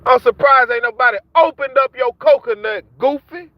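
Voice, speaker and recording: High-voiced man, heated rant, repetitive taunts, dry, muffled. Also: fairly quick, dry recording. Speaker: vlogger ranting at rappers. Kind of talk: angry street-talk rant to camera. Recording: dull dry lo-fi sound.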